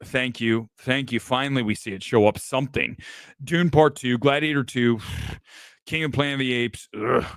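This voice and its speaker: A man hosts a live movie review stream and rattles off award picks in clipped fragments. He is blunt and opinionated and slides into profane, mocking rants. His voice sits at a middling pitch and sounds close and dry, with no room around it. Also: fairly even intonation, a bit bright, smooth, no echo. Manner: talks in quick fragmented lists. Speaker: movie review show host.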